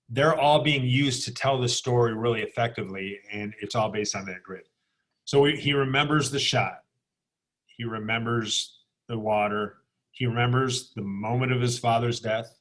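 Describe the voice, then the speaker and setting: A male art instructor talks through comic pages in a recorded class lecture. His voice sits at an ordinary middle pitch. He explains step by step, restarting phrases and checking in with his students. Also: a bit bright. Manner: explanatory, with frequent restarts and "okay?" check-ins.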